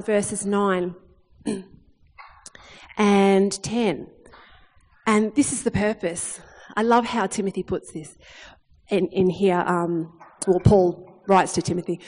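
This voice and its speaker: A woman giving an Easter sermon, earnest and with frequent restarts, growing animated as she reads scripture. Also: mid-range voice, slow pace. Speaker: preacher. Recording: long hall reverb.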